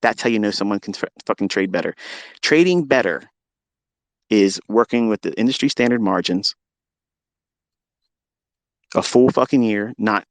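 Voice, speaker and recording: A man's voice: lowish voice, animated, normal speed, long pauses, no room sound. A man ranting in a profane monologue as a trading teacher, combative and taunting, swearing all the way through. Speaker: trading educator.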